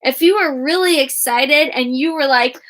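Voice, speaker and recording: A woman teaching young children a guided reading and writing lesson in a slow, sing-song teacher voice, spelling words out letter by letter. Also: sits high, a bit bright. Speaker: kindergarten teacher.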